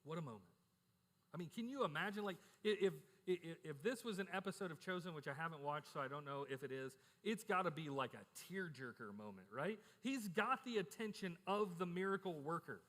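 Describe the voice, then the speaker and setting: Expressive and brisk, a middle-aged pastor's slightly bright, somewhat high voice fills an echoey church hall as he preaches. His sermon is candid and conversational, and he frequently repeats words at the start of sentences.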